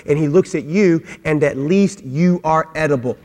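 A man preaching a sermon as a pastor, animated and humorous, acting out little voices to make his point. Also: fairly high pitch, normal speed, hardly any pauses. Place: church sanctuary. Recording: long hall reverb.

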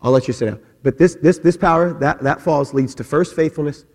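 High-voiced animated man preaching in a church. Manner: animated, joking asides, many quick restarts. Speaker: pastor. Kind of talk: sermon. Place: church sanctuary. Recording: long hall reverb.

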